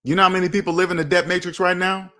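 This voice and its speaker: A man's voice: high-pitched, level tone, racing, pushed and bright. A man in his forties giving a preachy, repetitive motivational talk about personal finance, often addressing himself by his own name. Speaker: personal finance video host. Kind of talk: motivational monologue to camera.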